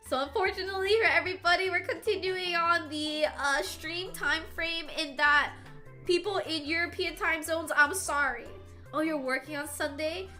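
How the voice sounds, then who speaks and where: A young woman streamer chatting casually with her viewers, giggling often and teasing as she reads chat aloud. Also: high-pitched. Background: soft background music.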